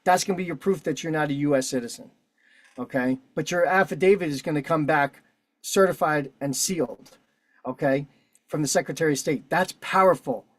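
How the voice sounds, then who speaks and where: Guy on a video call walking through a form, kinda high voice, dry sound, cusses and argues. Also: no room sound. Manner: profane, combative, talks while filling out a form. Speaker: online meeting host. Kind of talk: casual instructional walkthrough.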